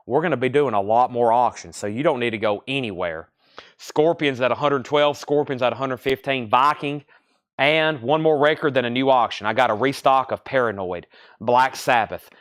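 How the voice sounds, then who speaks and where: A young man hosting a live record sale stream, briskly calling out titles and prices, repeating them, with chatty asides to viewers. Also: mid-range voice, fairly bright tone, no echo, studio quality. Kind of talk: live sales patter.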